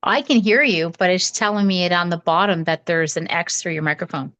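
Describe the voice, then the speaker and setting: Softly spoken woman co-host. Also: on the low side, brisk. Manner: quiet supportive listener, brief backchannels. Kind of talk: casual chat.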